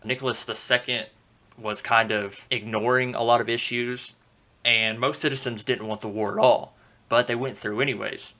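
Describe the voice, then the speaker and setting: A man hosting a podcast, telling history in a relaxed, conversational way with frequent fillers and playful asides. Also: medium pitch, moderate pace. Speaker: podcast host. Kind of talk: casual history storytelling.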